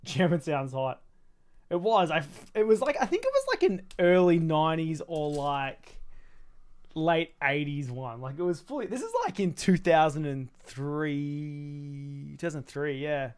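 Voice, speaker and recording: Male streamer, 30s, slightly high pitch, loose and crude, laughs a lot, off-the-cuff chat while building. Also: animated, unhurried, clean tone. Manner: rambling, crude and joking, laughs often. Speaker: streamer building a toy kit. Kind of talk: casual livestream chat.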